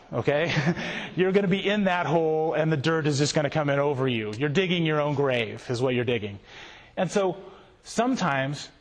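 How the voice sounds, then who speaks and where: A man giving a conversational conference talk to ministry workers in a large hall, checking in with "okay?" and acting out quoted voices. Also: fairly high pitch. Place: large hall with a live audience. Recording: long reverb from a large hall.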